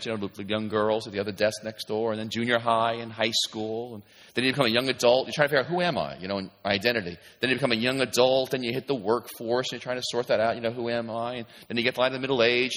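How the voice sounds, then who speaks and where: A male pastor preaches in a relaxed, conversational way, often stopping to restart with "you know." His voice is bright and forceful, and a long reverb trails each phrase as it rings through a church hall. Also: mid-range voice. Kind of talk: sermon. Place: church sanctuary.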